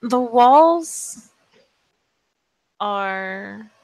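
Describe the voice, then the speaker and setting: A woman narrating as game master of a tabletop game, slowly and deliberately describing the scene. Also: a little high, lively intonation, gravelly, darkish tone, dry recording, poor audio.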